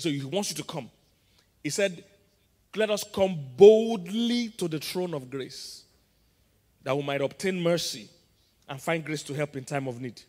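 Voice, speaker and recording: A man with a Nigerian English accent, preaching a sermon and quizzing his congregation in call-and-response style. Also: medium pitch. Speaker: pastor. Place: large church auditorium. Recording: long reverb of a large church hall.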